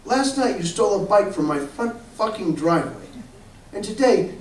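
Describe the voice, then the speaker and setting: A man in his forties telling a profane comic story on stage, breaking into shouts. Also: high-pitched, moderate pace, distant mic, a little hiss or hum. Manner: animated, shouting bursts, profane. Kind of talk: live comedy storytelling. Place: comedy club stage with live audience. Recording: roomy live club recording with crowd. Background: audience laughter.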